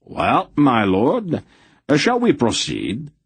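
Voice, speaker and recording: Smug courtly knight, slow and low, formal speech, read by a man. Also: expressive, breathy edge, no echo, full character voice. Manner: formal, unhurried, mock-courteous. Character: haughty, courtly male knight, archaic speech.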